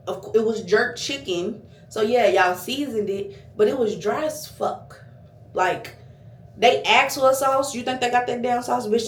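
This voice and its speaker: A woman vlogger telling a restaurant story as a casual, profane, animated rant. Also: on the high side, roomy sound, a little hiss or hum.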